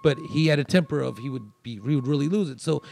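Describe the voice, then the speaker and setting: A man's voice: medium pitch, quick pace, vocal fry, darkish tone. A male comedian guest on a podcast telling a story in a loose, rambling way with many restarts. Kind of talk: casual storytelling.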